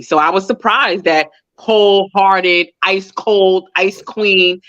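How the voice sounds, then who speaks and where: A woman co-hosting a casual reality TV recap, chatty and animated as she retells scenes. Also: mid-range voice, slow. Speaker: podcast co-host. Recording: dull lo-fi audio.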